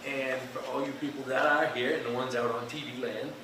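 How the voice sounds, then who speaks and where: A man's voice: medium pitch, steady tone, fairly quick. A man giving public comment at a meeting, blunt and scolding. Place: large meeting room. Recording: echoey hall, far mic, loud background noise.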